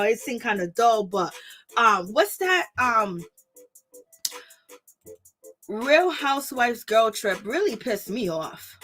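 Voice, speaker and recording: A young woman vlogger ranting casually and exasperatedly to her viewers, using lots of slang. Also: fairly high pitch. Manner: exasperated, animated, slangy, talks to viewers directly. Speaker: vlogger reviewing reality TV.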